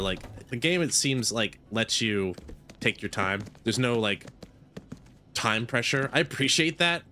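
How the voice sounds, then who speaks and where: A man's voice: on the low side, bright, forceful tone. A man giving casual gameplay commentary with a playful, mock-grumpy manner. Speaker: gaming video creator.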